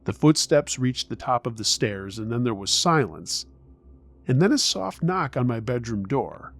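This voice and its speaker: A man narrating a first-person horror story in a measured, tense storytelling manner. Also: medium pitch, very animated.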